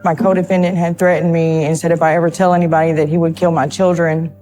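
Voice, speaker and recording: A nervous woman speaks in a slightly low voice during a documentary interview. Her speech is halting and hesitant, and she often stops to repeat words. Faint music plays underneath. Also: level tone, warm tone. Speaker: interviewee in a true crime documentary. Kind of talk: emotional interview testimony.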